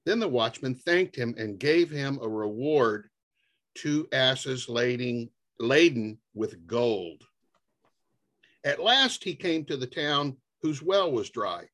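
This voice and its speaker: A man reading a fairy tale aloud in a lively storytelling manner. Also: medium pitch, slow. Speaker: reader.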